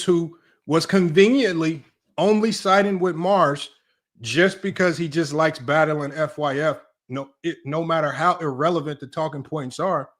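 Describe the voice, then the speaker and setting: A man with a fairly high voice runs a live basketball stream. He argues his point emphatically, circling back and checking in with his chat. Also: a bit bright. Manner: emphatic and repetitive, often asks "right?" and addresses "y'all"; argumentative, talks straight to his live chat. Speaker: sports analytics streamer.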